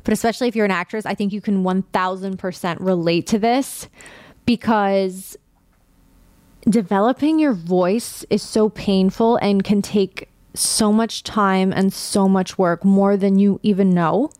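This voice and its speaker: A young adult woman hosting her own podcast, talking candidly and casually, with a light vocal fry and the odd curse word. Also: medium pitch, unhurried, a little mellow, no room sound. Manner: candid, conversational, swears casually. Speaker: podcast host. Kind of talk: personal podcast monologue.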